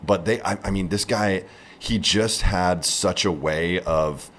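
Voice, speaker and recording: Deep-voiced man telling his story haltingly. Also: a bit bright, slight background noise. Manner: halting storytelling, many fillers and restarts. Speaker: comedian guest. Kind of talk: casual podcast interview.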